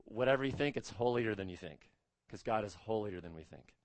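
A man preaching a sermon as pastor, speaking emphatically, rising on key words and dropping low and quiet on solemn points. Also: expressive, a little fast, no room sound.

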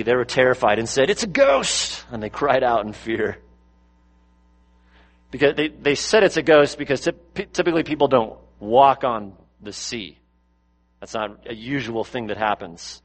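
A male pastor delivering a sermon, swinging between louder, higher bursts and low, quiet passages, with lots of rhetorical questions. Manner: rises and drops in pitch and loudness for emphasis, asks rhetorical questions.

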